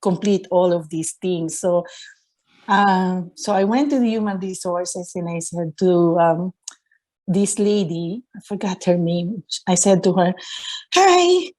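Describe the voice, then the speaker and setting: Slow-spoken Filipino woman telling her story. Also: fairly low pitch, steady tone, dark tone. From Philippines. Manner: hesitant with many fillers, acts out quoted dialogue. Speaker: nurse interviewee. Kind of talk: conversational storytelling interview.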